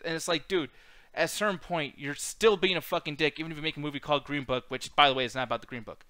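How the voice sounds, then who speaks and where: Bright-voiced ranting man. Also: on the high side, quick pace, no room sound. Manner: animated, profane, ranting. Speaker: podcast co-host. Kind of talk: casual movie review chat.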